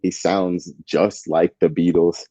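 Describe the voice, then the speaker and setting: Laid-back slangy man, mellow voice. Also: deep voice, flat delivery, slow pace, dry recording, dull audio. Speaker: co-host of a match watchalong. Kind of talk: casual live-stream chat.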